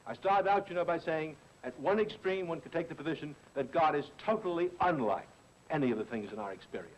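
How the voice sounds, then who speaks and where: A man's voice: fairly high pitch, lively intonation, low-quality recording. Emphatic man lecturing on philosophy. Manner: deliberate, emphatic lecturing with repeated stresses. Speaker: philosopher and teacher.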